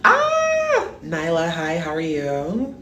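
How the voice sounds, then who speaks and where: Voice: mid-range voice, a little slow. A live stream host chatting casually and greeting viewers one by one in an upbeat way. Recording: echoey room with faint music.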